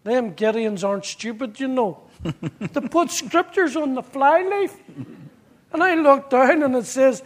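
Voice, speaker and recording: A man's voice: extremely high pitch, expressive, measured pace. A man with a Northern Irish accent giving an earnest personal testimony, telling his story vividly and acting out the dialogue. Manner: earnest, at times emotional.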